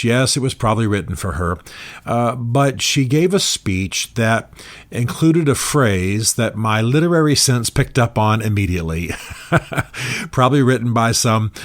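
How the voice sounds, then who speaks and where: A man speaking in an earnest, measured monologue from his office, repeating key phrases for emphasis. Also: mid-range voice. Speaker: author and commentator. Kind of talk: reflective spoken monologue.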